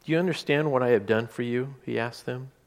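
Man, pastor, conversational sermon, asides and restarts, mid pitch. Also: a little fast.

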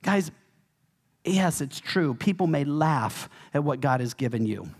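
A man preaching a sermon as pastor, emphatic and animated, with touches of humor. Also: on the high side, normal speed.

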